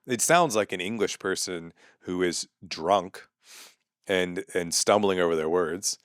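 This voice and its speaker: Brief: low-voiced male comedian from the US, sarcastic, exasperated rant, close dry sound. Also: a little slow, clear, resonant tone, dry recording. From United States. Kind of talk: comedic monologue. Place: home sun room.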